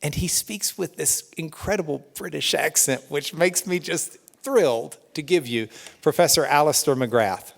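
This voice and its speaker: A man introducing a guest speaker, telling an anecdote with excited enthusiasm. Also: a little high, normal speed, gravelly. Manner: excited, animated storyteller. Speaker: event host introducing speaker. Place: large lecture hall. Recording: long hall reverb.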